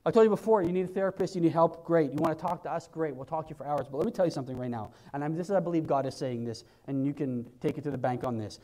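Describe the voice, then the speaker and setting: A man in his forties preaches from a church pulpit with a handheld mic, his voice sitting a little high for a man. He exhorts his listeners, repeats lines for weight and climbs into loud fervor. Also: rapid-fire, few pauses, rough recording. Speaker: pastor. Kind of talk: sermon.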